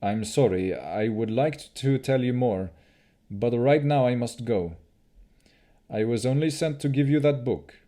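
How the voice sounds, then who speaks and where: A man's voice: medium pitch, measured pace, dark tone, natural voice. A man voicing a solemn, sorrowful elf leader. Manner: solemn, apologetic. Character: grave male elf leader, sorrowful, secretive.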